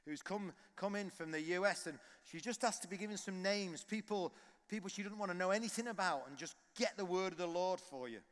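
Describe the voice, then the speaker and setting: Fervent preacher in a big hall. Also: male voice, high voice. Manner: passionate, rising to loud exhortation. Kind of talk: sermon. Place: large conference hall. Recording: long hall reverb.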